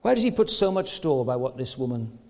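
A man preaching a sermon as pastor, emphatic and full of rhetorical questions, slowing down to stress his points. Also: medium pitch, big pitch swings, a little mellow, long reverb tail.

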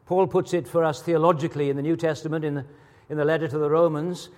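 A man preaches a sermon, his fairly high voice lifting into emphatic peaks. He keeps asking the congregation rhetorical questions. The sound carries a long reverb from the church hall. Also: level tone, fast talker, a little mellow.

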